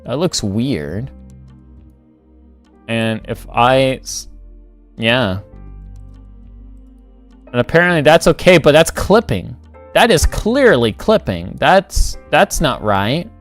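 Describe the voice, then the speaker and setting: Man, livestream host, lively pitch, slow delivery, rambling self-corrections, faint music underneath. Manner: rambling, thinks aloud, self-correcting, chuckles. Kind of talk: casual livestream commentary while building.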